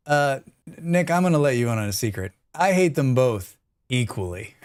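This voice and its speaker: A man's voice: mid-range voice, lively intonation, a little slow, darkish tone. An American man chatting casually and joking with his chat while he plays a survival game on a live stream.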